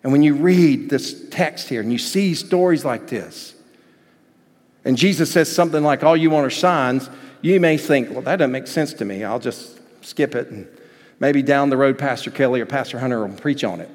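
A man preaching a sermon as pastor, shifting between hushed intensity and loud, emphatic passages. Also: medium pitch, normal speed. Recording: hall reverb.

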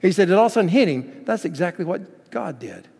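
A man's voice: high-pitched, expressive, fast, creaky, darkish tone, slightly rough. Emphatic preacher man in a long-echoing hall. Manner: emphatic storytelling preacher, acts out quotes. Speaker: pastor. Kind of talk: sermon.

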